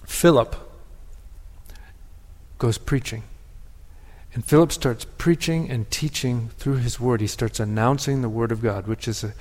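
A man's voice: mid-range voice, darkish tone. Man preaching in a reverberant hall. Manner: reflective, measured preaching with pauses and restarts. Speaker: pastor. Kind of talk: sermon.

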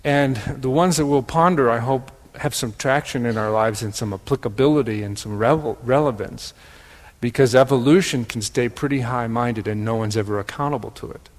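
A man with a Wisconsin accent giving a gentle, pondering spiritual teaching, often repeating words for emphasis. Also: mid-range voice, moderate pace, long reverb tail.

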